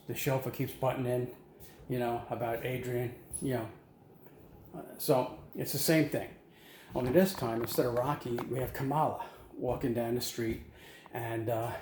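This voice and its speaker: A man's voice: mid-range voice, a little mellow. Man, rambling comic storyteller, lots of ums, echoey home room, faint background hiss. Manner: rambling, many fillers, self-deprecating. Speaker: comic monologue host.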